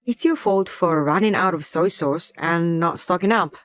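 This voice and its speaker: A woman's voice: on the low side, moderate pace, dry recording, natural voice. A woman voicing a resentful adult husband who talks in a curt, contemptuous way in a scripted drama. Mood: cold.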